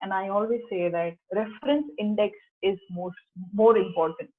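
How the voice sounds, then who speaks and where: A woman's voice: medium pitch, moderate pace. A middle-aged woman, leading a coaching workshop in an earnest, instructive way and repeating key phrases. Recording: tinny phone-like online call audio.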